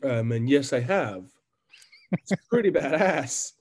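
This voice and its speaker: A man, co-hosting a podcast, who tells crude stories and cracks his voice high when he's amazed. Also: animated, slow, husky. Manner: profane storytelling, voice jumps up when incredulous. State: coughing when he laughs. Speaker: podcast co-host. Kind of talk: crude casual chat.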